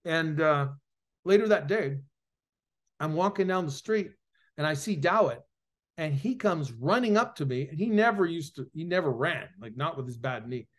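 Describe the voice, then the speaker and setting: A man's voice: on the high side, expressive, normal speed. A preacher and author, a man, telling an earnest, emotional personal testimony as an interview guest. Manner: earnest, emotional storytelling that swells louder at its peaks.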